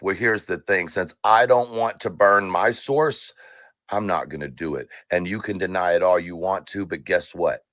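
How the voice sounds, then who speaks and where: A man's voice: low voice, normal speed, a bit bright, dry recording. A man ranting on a stream, taunting and cursing at a rival. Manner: taunting, profane, confrontational. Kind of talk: angry live-stream rant.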